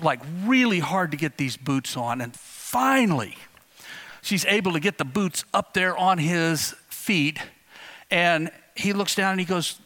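A man preaching a conversational sermon as pastor, telling a story in a relaxed, rambling way with frequent fillers and restarts. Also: high voice.

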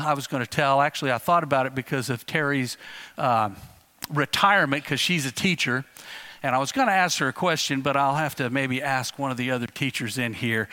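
A man preaching a conversational sermon as pastor, telling a story in a relaxed, rambling way with frequent fillers and restarts. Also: medium pitch.

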